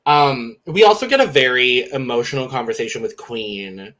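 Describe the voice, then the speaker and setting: A man in his twenties with a mixed Southern and Californian accent, co-hosting a podcast in a chatty, animated way. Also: mid-range voice, moderate pace. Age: 20s. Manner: chatty, animated, acts out quotes. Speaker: podcast co-host. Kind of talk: casual chat.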